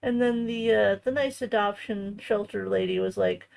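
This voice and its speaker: A woman hosting a crafting channel, chatting casually in a tender, reflective way, often halting and restarting her sentences. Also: medium pitch, vocal fry, darkish tone, poor audio. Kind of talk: casual chat while crafting.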